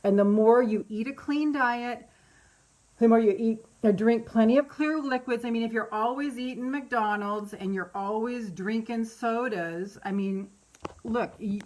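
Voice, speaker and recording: A middle-aged woman hosting a casual live stream, candid and rambling, who laughs often and swears freely. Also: a little high. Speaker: meditation host on a live stream.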